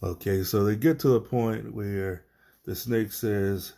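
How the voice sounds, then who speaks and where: A male teacher giving a recorded online lesson, speaking slowly with frequent hesitations. His voice sits fairly low and has a gravelly, creaky texture. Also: steady tone, warm tone. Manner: hesitant, many fillers.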